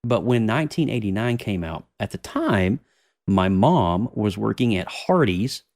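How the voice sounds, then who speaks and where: A man's voice: on the low side, a little slow, no room sound, clean studio sound. A man in his thirties hosting a podcast, chatting casually and laughing with his co-hosts as he leads the show. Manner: animated, laughing, swearing banter. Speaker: podcast host. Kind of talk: casual chat.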